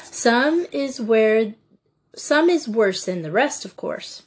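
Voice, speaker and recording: A woman's voice: a little high, lively intonation, slow, breathy edge, full character voice. A woman doing a stern headmistress. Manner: firm, disapproving, precise. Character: stern proper headmistress, middle-aged woman.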